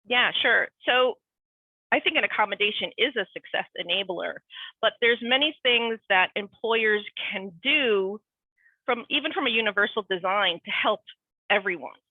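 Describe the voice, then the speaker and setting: An animated woman talks freely, running from one tangent to the next and slipping into quoted voices. The sound is thin and phone-like, and the room gives back no echo. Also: mid-range voice, moderate pace. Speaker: guest speaker. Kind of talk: casual conversational talk. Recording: tinny phone-like line, dry.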